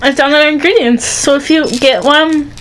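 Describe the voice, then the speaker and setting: A woman's voice: high voice, steady tone, moderate pace, a crowd in the background, low-quality recording. A woman chatting casually while playing a video game, laughing often mid-sentence. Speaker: gamer streaming with a friend. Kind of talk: casual gaming chat.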